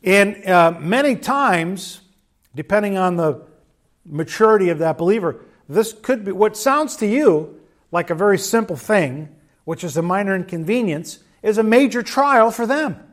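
Middle-aged male preacher, fairly high voice, measured and earnest delivery. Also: expressive. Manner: measured, earnest, with quoted asides. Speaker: pastor. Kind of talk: sermon.

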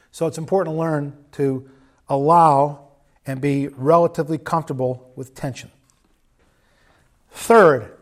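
A middle-aged man preaching a sermon in a measured, earnest way, often acting out quoted remarks. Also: on the high side. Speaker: pastor.

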